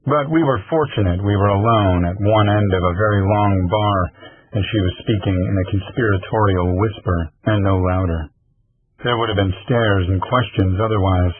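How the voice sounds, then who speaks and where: A man reading a first-person audiobook in a wry, even delivery. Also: on the low side, moderate pace, slightly rough, no echo. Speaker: narrator. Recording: tinny phone-like lo-fi recording.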